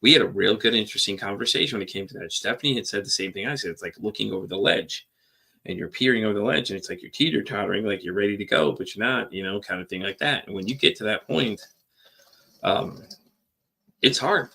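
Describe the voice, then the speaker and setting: A man talks candidly as a podcast host. His voice sits low and gravelly, with a bright, forceful edge. He rambles, circles back on himself and swears casually. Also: quick pace. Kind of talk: candid personal monologue.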